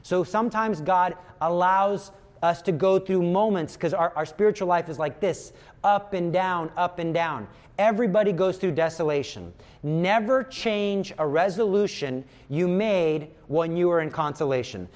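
High-voiced man giving a retreat talk. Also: normal speed. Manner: conversational, acts out inner voices. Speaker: retreat speaker.

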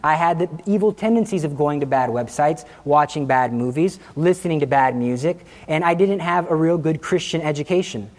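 A man in his thirties, a Catholic speaker, telling a personal faith story in an informal talk, lively and acting out voices. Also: a little high, brisk, hardly any pauses. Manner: animated, acts out quotes, laughs at himself. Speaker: Catholic speaker giving a testimony.

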